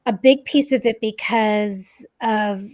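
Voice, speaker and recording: A woman's voice: medium pitch, slow pace, a little mellow, no echo. A woman hosting a reflective chat on wellness, repeating words for emphasis. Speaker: host. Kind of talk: casual chat.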